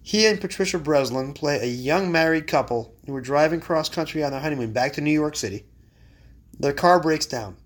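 A man's voice: a little high, fairly quick. A man hosting a podcast in a home library, talking in a playfully formal, storytelling way. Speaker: podcast host. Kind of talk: casual podcast chat.

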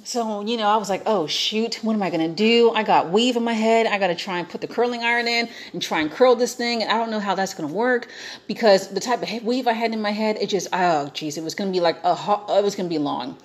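A young woman chatting casually, telling an animated story and quoting herself and others along the way. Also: medium pitch, fast talker.

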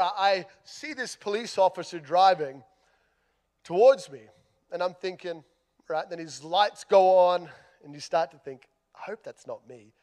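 A man with an Australian accent and a high-sitting voice tells a humorous story during a sermon. He's lively and self-deprecating, with big swings in loudness.

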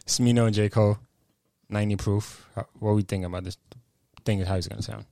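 A man's voice: on the low side, fairly even intonation, fairly quick, creaky, dark tone, dry recording, clean studio sound. A man co-hosting a podcast in an easygoing, slangy way, introducing topics and games. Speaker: podcast co-host leading segments. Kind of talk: casual podcast chat.

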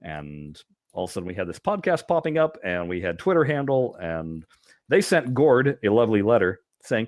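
A man's voice: on the low side, normal speed, dry recording, clean studio sound. A man co-hosting a podcast, telling old stories in a loose, laughing way with many restarts. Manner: animated storyteller, laughs often, many restarts. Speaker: podcast co-host. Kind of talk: casual reminiscing chat.

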